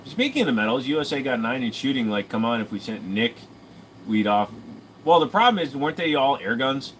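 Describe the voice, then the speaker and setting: A man's voice: medium pitch, expressive, brisk, fairly bright tone, slight background noise, rough recording. A man streaming late at night, casually answering chat questions with crude jokes and riffs. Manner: crude joking, riffing impressions. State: sleepy.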